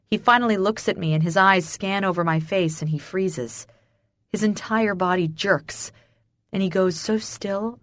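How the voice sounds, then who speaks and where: A woman narrates a first-person romance audiobook with an emotional, breathless intimacy. Her voice sits on the low side, and the recording is dry and close with no room sound. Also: no echo.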